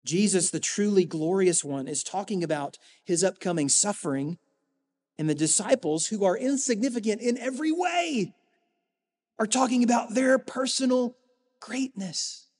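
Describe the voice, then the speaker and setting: A male pastor delivering a sermon in an earnest, emphatic way, leaning on rhetorical stresses and pauses. His voice sits fairly high, and it rings out with the long reverb of a church sanctuary. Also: animated, darkish tone.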